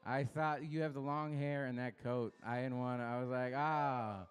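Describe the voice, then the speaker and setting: A young man from Los Angeles doing a crude stand-up set, baiting the crowd and swinging his pitch up and down. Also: completely flat delivery, normal speed, clear, resonant tone. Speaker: stand-up comedian. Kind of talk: stand-up set at an open mic.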